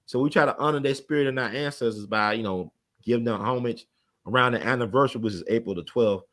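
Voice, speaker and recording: A man, an interview guest who tells history in a rapid, animated storytelling rush. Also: mid-range voice. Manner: rapid, animated storytelling, admits talking fast. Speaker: interview guest, community organizer. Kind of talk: casual conversational interview.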